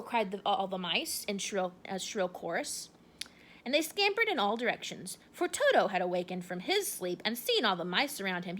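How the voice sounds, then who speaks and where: Animated woman reading a storybook. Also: mid-range voice. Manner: expressive, animated. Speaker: storybook reader. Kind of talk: reading a children's book aloud.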